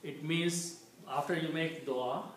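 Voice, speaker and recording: Male teacher, slightly high voice, patient, repeats words, very echoey room, distant mic. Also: fairly even intonation, slow, a bit bright, a little hiss or hum. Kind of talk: Arabic language lesson.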